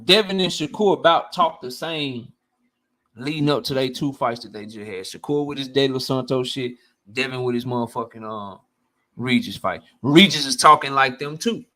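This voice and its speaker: A male boxing channel host giving blunt, profane, slang-heavy commentary and answering his live chat in a casual, animated way. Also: mid-range voice, moderate pace.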